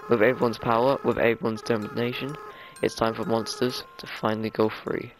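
A man's voice: mid-range voice, flat delivery, close to an everyday voice, poor audio. A man reading as a tearful young goat monster prince. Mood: solemn. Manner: soft, halting, choked-up delivery. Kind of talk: voicing game dialogue aloud. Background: game music.

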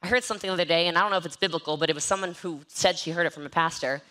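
A woman giving an energetic, joking motivational talk on network marketing from an event stage, often mocking herself. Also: lowish voice, racing. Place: event stage with live and online audience.

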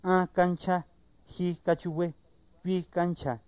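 A man slowly and carefully reading out a word list in a measured, repetitive way. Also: high-pitched, flat delivery, darkish tone, smooth, dry recording. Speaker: native speaker recording word list. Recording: dull lo-fi 1990s tape, dry.

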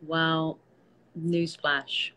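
A tired British woman, an actress, chatting casually with fans on a live stream, relaxed and self-deprecating, with many fillers, speaking into a phone held at arm's length. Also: deep voice, drawn-out words, clear, resonant tone, rough recording. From Britain. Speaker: actress hosting a fan Q&A.

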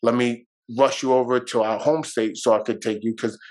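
A man's voice: medium pitch, steady tone, moderate pace, darkish tone, low-quality recording. A man guest on a podcast, telling a personal story in a loose, rambling way, with fillers and swearing, emotional and at times near tears.

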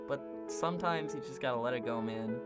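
A man giving casual gameplay commentary, excitable and self-mocking, quick to vent his frustration. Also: mid-range voice, loud music behind the voice. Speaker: gaming video creator.

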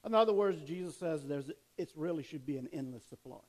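High-voiced male pastor preaching. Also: expressive, fairly quick, darkish tone, low-quality recording. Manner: reads scripture aloud and comments between verses; asks the congregation questions and answers them. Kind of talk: sermon.

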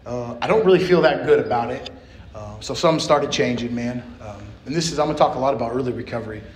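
A man's voice: medium pitch, quick pace. A man giving a personal share at a recovery meeting, blunt and profane, full of street slang. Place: meeting room. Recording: echoey meeting room.

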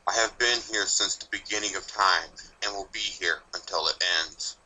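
A man reading a fan story performs a full character voice for an old, cranky Grim Reaper stallion pony, sounding blunt and snappish with dry, sardonic humor. The pitch is low, the pace normal, the tone bright and forceful, and the recording rough.

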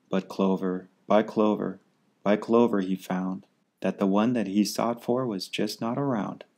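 A man reading a rhyming children's story aloud in an unhurried, steady way. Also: lowish voice. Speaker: storybook reader.

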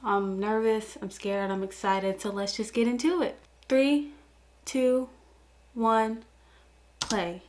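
A young woman hosting a casual reaction video, gushing with excited exclamations. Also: fairly high pitch, slow pace, pauses often.

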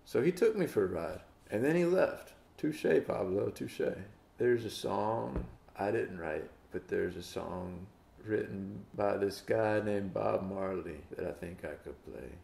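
A man's voice: fairly low pitch, measured pace, creaky, darkish tone. A man hosting a music reaction video, chatting casually and playfully mock-quoting the singer. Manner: playful, mock-quotes the singer in put-on voices. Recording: roomy echo.

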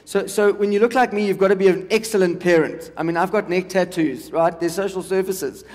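A man's voice: high voice, fairly even intonation, darkish tone. Man, 40s, South African accent, stand-up comedian, teasing crowd banter, long hall reverb. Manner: chatty, teasing the crowd, quick asides. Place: large hall on stage.

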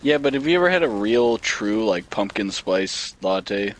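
A man's voice: fairly low pitch, animated, unhurried. A man chatting casually while playing a game with friends, swearing and laughing as he jokes around. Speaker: gamer. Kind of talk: casual gaming chat with friends.

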